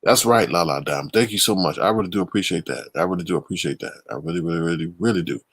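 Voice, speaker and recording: A man hosting a live stream, reacting theatrically with drawn-out exclamations and chatting to viewers. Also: sits low, slight background noise. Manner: theatrical, reacts loudly with drawn-out ooh and scared cries. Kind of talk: casual live-stream commentary.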